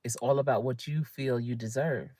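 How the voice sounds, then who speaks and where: A woman's voice: extremely low pitch, fairly even intonation, moderate pace, mellow, no room sound, clean studio sound. A woman in her fifties, a career coach, giving an emphatic, conversational motivational talk on a livestream and greeting viewers by name. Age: 50s.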